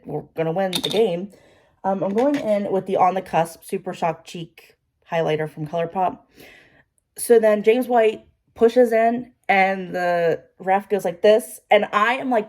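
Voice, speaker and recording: A woman in her twenties, a beauty vlogger, chatting excitedly while doing her makeup and saying "like" constantly. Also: mid-range voice. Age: 20s. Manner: chatty and excitable, heavy use of "like".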